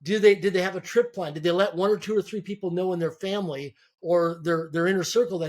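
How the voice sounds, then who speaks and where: A man with a notably high speaking voice talks as a guest on an interview podcast. He gives motivational business advice in an emphatic, driving way. He often repeats words and restarts phrases, and he stacks his points into quick lists. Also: fairly even intonation, a little mellow. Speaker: guest entrepreneur.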